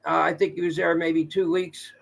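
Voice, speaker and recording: A man with a gravelly, rough-edged voice pitched a bit high joins a casual podcast chat as a guest. He tells his stories plainly and at a measured pace. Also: flat delivery. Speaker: guest, wrestling trainer.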